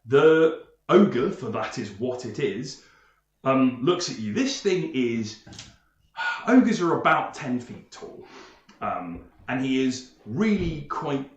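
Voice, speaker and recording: A man narrating as game master, unhurried, with many fillers and pauses. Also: mid-range voice, big pitch swings, reverberant, highs cut off.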